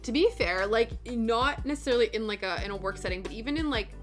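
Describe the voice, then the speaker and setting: A woman's voice: a little high, fast talker. Chatty woman, crafting stream, reads chat aloud, acts out quotes, faint music bed. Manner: chatty, rambling, lots of "like" and acted-out quotes. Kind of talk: casual chat while cross stitching, reading chat. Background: soft background music.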